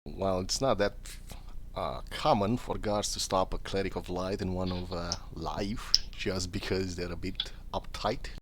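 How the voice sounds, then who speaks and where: A man with a deep voice, talking as his character at an online game table. He is measured and a little wry, with faint noise behind him. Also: fairly even intonation. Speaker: player.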